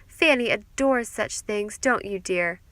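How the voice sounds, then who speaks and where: A woman's voice: medium pitch, measured pace, a bit bright, no room sound, close to an everyday voice. A woman voicing a gushing, snobbish society mother who talks in an affected, effusive way.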